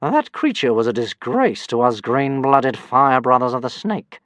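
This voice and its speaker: A man's voice: medium pitch, big pitch swings, a little slow, fairly bright tone, no room sound. Scornful dragon, voiced by a man, dry storybook read. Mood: sneering. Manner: sneering. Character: scornful female green dragon.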